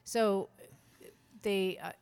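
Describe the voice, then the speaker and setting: A middle-aged woman from Canada in a casual podcast chat, telling a school story with quick exclamations. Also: mid-range voice, steady tone, crowd noise.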